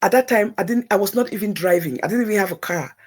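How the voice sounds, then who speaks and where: A woman's voice: medium pitch, fast talker, breathy edge. A woman telling a personal story on a talk show, emphatic and repeating words for effect.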